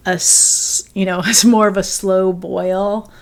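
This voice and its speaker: Woman cohost, gravelly, kinda hesitant, thinks out loud w um and uh. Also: mid-range voice, little pitch movement, takes it slowly. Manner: thoughtful, hesitant fillers, laughs. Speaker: podcast co-host. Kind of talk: casual chat.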